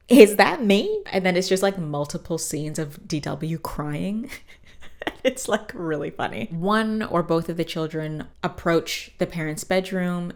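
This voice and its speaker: A woman hosting a podcast, casually recapping a cartoon episode with swearing and quick character voices. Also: deep voice. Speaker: podcast host.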